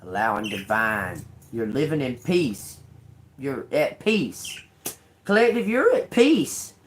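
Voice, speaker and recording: A woman's voice: very deep voice, very animated, slow, slight background noise. An older woman giving a live tarot reading, blunt and profane and laughing often. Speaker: tarot reader.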